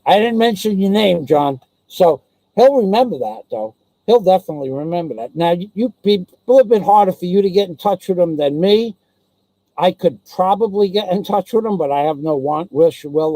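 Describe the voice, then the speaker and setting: A man's voice: high-pitched, dark tone, dry recording, low-quality recording. A man telling a casual personal anecdote, rambling and digressive with many restarts, blunt and salty in his talk. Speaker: storyteller.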